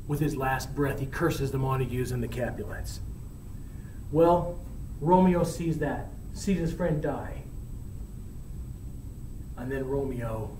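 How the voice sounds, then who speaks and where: A male teacher retelling a story in a casual, animated way with slang. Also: a little high, a little slow, pauses often, slight background noise. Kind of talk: storytelling lesson. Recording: echoey room, mic at a distance.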